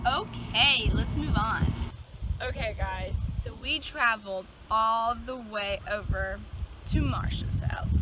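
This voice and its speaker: A bubbly young woman from Georgia with a Southern accent teaches floral design in a casual video lesson, first outdoors in yards and then indoors at a table. Her voice is on the high side with big pitch swings and a measured pace, and she exclaims enthusiastically. The sound is dull and lo-fi with outdoor noise.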